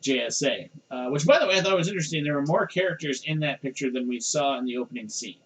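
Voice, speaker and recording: A man's voice: mid-range voice, fast talker, low-quality recording. Middle-aged male podcast host, loose rambling delivery. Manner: rambling, animated, chuckles often. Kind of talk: casual chat.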